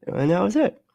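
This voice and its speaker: A man's voice: sits high, gravelly, dark tone, no room sound, studio quality. A man hosting a livestream, giving casual reaction commentary in a profane, sarcastic way and laughing often. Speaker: livestream host.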